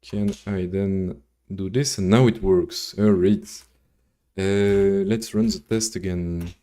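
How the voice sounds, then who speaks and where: A man's voice: sits low, steady tone, slow, warm tone. A man whose first language is French, casually thinking aloud while live coding and chatting with viewers, swearing now and then. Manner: rambling, swears casually, chats with viewers between code steps. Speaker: coding livestreamer.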